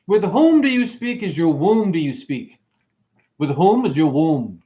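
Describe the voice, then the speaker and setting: A man rambles through a livestream monologue, stringing words together in playful sing-song riffs. His voice sits a little high and swoops widely, jumping into sudden whoops before dropping into drawling asides. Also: animated, a little slow, warm tone. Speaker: online show host.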